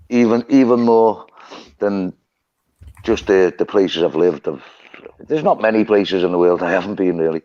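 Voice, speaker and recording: A man's voice: deep voice, unhurried, long pauses, dark tone, no room sound, highs cut off. A man with a Liverpool accent hosting a live stream, rambling through stories and laughing often. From Liverpool, England. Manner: chatty, rambling storyteller who laughs often. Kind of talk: casual chat. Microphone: phone.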